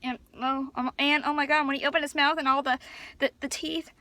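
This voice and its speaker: Chatty woman vlogger, bright and sharp-toned, rambling excitedly into a phone. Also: high voice, brisk, dry recording. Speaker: vlogger reviewing a film. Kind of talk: casual chat. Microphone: phone camera.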